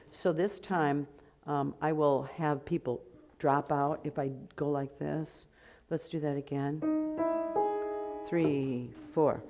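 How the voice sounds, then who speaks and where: Choir lady counting beats slow and low, sings the counts sometimes, music clearly in the back. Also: fairly even intonation. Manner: counts beats aloud and directs the singers; sings short count phrases to demonstrate. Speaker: choir director. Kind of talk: choir rehearsal instruction. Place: rehearsal room with a choir. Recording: music heard clearly behind the voice.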